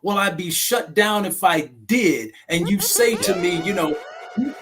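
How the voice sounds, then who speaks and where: Emphatic male counselor type with a high voice, lecturing a men's group. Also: measured pace, a crowd in the background. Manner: emphatic, preachy, keeps checking in with listeners. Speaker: domestic violence class facilitator. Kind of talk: group discussion.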